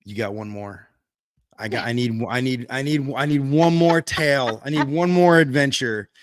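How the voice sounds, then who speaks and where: A man of medium pitch hosts a casual podcast chat, friendly and a little halting as he restarts his phrases. The sound is dry and close. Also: dry recording. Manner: friendly, halting, repeats himself. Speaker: podcast host.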